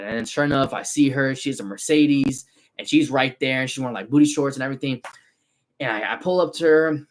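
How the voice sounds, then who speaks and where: A young man in his twenties, speaking, hosts a casual livestream about his car detailing business. His voice sits at a plain, middle pitch. He talks in loose, slangy street talk, lively and animated as he spins stories for his viewers. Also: brisk. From San Francisco Bay Area.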